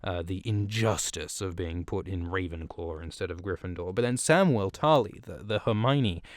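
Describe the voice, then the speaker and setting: Man, podcast host, rambling irreverent book recap, low voice, dry close sound. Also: normal speed, dry recording. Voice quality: rambling, irreverent, swears freely. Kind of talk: casual comedic book recap.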